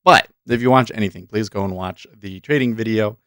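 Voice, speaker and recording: A man hosting a day-trading livestream talks casually and directly to viewers at his desk microphone, thinking aloud between remarks in chatty live commentary. His voice is fairly low, brisk, smooth and fairly bright, with clean studio sound and no echo.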